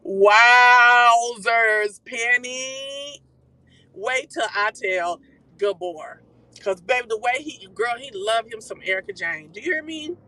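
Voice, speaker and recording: A live-stream host dishes gossip from behind the wheel, talking quickly and swearing freely. The voice is bright and forceful, with an animated, chatty delivery. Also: mid-range voice, no echo, low-quality recording. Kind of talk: casual gossip recap. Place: car while driving.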